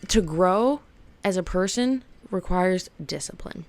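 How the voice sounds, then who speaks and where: Woman, low voice, heavy vocal fry, casual vlog chat, rambling, playful, lots of "like". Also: moderate pace. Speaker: vlogger. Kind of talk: casual self-help chat to camera.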